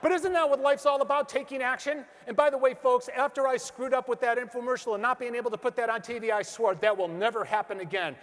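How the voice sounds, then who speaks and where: A man's voice: very high-pitched, fast, few pauses. A middle-aged man giving a motivational stage speech, telling stories energetically and asking the audience questions. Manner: energetic storytelling, acts out quotes, asks the crowd questions. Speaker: motivational speaker. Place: large hall with an audience. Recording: hall reverb from a stage.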